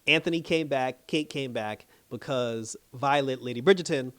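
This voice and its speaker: Animated man recapping a TV episode. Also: medium pitch, moderate pace. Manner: animated, profane, laughs often, acts out characters' lines. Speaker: TV show reviewer. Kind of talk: casual recap and review.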